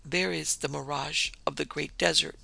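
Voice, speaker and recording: A man reading an audiobook, voicing a calm, mysterious male desert guide with measured, curt speech. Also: on the high side, vocal fry, breathy edge, dry recording, full character voice. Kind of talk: audiobook character voice.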